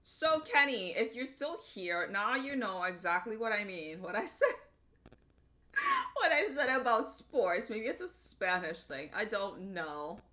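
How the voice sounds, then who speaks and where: A woman's voice: medium pitch, big pitch swings, unhurried, pushed and bright. A young adult woman from Puerto Rico streaming live, chatting casually and greeting her chat by name.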